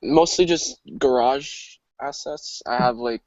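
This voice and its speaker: A man's voice: mid-range voice, slow, darkish tone, no echo, muffled recording. A young adult man in a casual chat, laid-back and teasing. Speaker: show guest.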